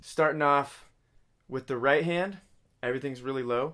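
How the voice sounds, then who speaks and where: This casual drum instructor has a medium-pitched, sharp-toned voice and keeps a moderate pace. Vocalizing patterns in syllables, he counts the beats and calls the right and left stickings while drums and music sound behind him.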